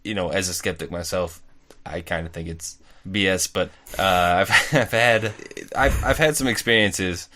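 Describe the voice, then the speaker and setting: A man's voice: deep voice, normal speed, noisy background. A man who is a guest on a comedy podcast, easygoing and hesitant, agreeing a lot. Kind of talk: casual chat.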